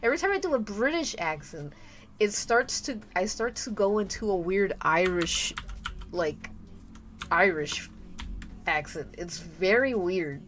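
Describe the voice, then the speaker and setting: A woman's voice: medium pitch, animated, a little slow, a little hiss or hum. A young woman chatting casually on her art stream, rambling and stopping herself mid-sentence, often laughing. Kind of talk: casual live-stream chat. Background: soft background music.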